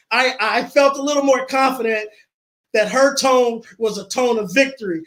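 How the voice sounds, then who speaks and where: In an extremely high, fairly bright voice, a man unhurriedly relates his personal story as an online interview guest, speaking earnestly and repeating phrases to drive points home.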